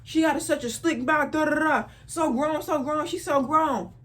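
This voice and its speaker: A woman's voice: high voice, normal speed, fairly bright tone, voice pushed up. A woman mimicking her young brother scolding her, in a mocking, dismissive tone.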